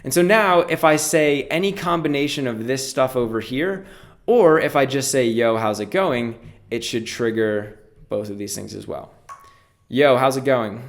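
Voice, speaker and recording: A man's voice: medium pitch, normal speed. Casual man explaining code step by step. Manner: casual, explanatory, walks through steps aloud. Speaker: programming instructor. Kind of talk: screen-recorded coding tutorial.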